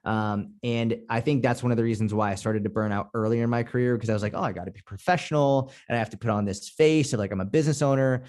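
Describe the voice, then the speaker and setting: A man's voice: medium pitch, fast, few pauses, darkish tone. A man from Boston talking on a podcast as a guest coach, blunt and candid, swearing freely. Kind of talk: casual podcast conversation.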